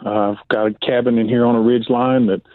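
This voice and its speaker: A man calling in from a rural cabin, speaking slowly and hesitantly with many pauses. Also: medium pitch, level tone, no echo. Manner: slow, hesitant, lots of uhs. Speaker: caller. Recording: tinny dry phone line.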